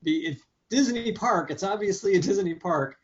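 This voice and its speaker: A man's voice: high voice, lively intonation, normal speed. A man co-hosting a casual movie review chat, joking and laughing often. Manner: jokey, laughs often, does silly voices. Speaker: podcast co-host. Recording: dull lo-fi audio.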